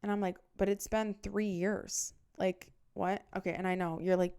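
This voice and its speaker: A woman's voice: lowish voice, little pitch movement, fairly quick, few pauses, a little mellow, clear, resonant tone. A woman in her twenties, a podcast host telling a casual storytime with candid, dramatic retelling and plenty of swearing.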